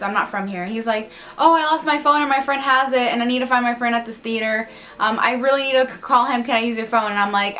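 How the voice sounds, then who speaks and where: A woman's voice: a little high, bright, forceful tone. A young woman telling stories casually to her vlog viewers, chatty with many fillers and acted-out dialogue. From United States. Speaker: vlogger. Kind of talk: casual storytelling.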